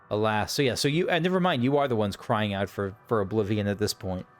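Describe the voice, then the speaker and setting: A man's voice: on the low side, fast, few pauses, soft background music. A tired man giving casual, rambling commentary on a video game, often hesitating and correcting himself. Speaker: let's play host.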